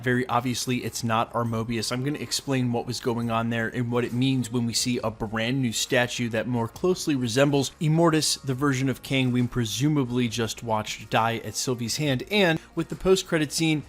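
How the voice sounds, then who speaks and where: A man hosting a fan recap and breakdown video, talking with energy and explaining details point by point. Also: mid-range voice. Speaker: host.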